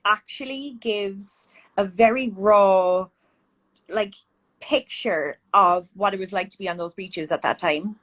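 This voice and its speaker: A woman's voice: mid-range voice, slow pace, fairly bright tone. A woman with an Irish accent interviewing a guest in casual chat over a video call, talking with lots of fillers. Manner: chatty, many fillers.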